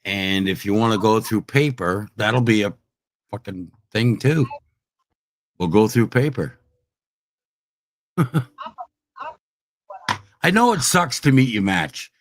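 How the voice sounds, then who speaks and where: A livestream host with a lowish voice and lively intonation talks at normal speed while ranting furiously. He curses at his critics and keeps repeating his challenges to them.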